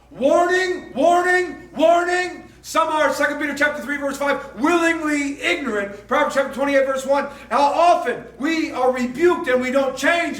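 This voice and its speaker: A man preaching a sermon as a pastor, emphatic and repetitive, now and then rising to a shout. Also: very high voice. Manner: emphatic, repetitive, swings loud. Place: church hall. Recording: roomy echo from far off.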